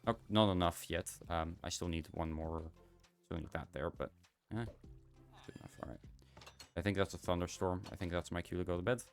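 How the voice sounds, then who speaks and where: A young man with a deep voice chatting casually and a bit tiredly to himself while streaming a game. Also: fairly quick, soft background music. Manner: rambling, self-talking, tired. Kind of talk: casual gaming livestream chat.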